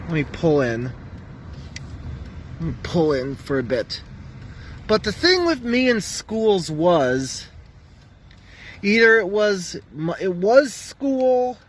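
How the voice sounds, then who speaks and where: Man, New Jersey accent, casual driving vlog, high voice, slow talker. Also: big pitch swings, slight background noise. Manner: rambling, talks to a cat in a high coo. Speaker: vlogger.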